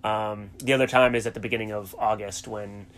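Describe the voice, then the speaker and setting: A middle-aged man with a softened Boston accent, a college track coach chatting easily in an interview, with plenty of fillers. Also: on the low side, steady tone, a little fast. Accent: softened Boston, New England. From South Shore of Massachusetts. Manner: easygoing, storytelling, frequent fillers. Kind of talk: casual interview chat.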